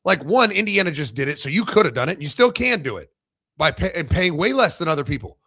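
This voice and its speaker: A man talks sports in a casual podcast chat, blunt and profane. His voice is high for a man, gravelly and husky, and it swings up and down as he argues his points. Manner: blunt, profane and animated, with quick restarts.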